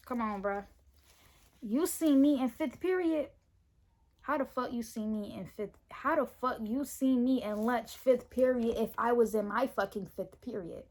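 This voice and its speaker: A teenage girl from Florida, telling a school story in casual storytime style, animated and indignant as she acts out the dialogue. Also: high-pitched, measured pace. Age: teens.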